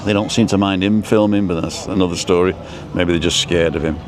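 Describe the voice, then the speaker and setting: Brief: male livestream host, lowish voice, chatty and rambling, reads viewer comments aloud, street noise clearly audible behind him. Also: fairly even intonation, a little fast. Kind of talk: casual live-stream chat. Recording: noisy outdoor street background.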